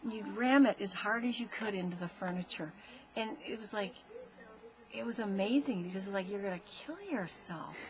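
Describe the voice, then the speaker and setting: A woman's voice: medium pitch, normal speed. Laughing mother telling family stories. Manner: animated, laughing, acts out voices in her stories. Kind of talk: casual home-video storytelling.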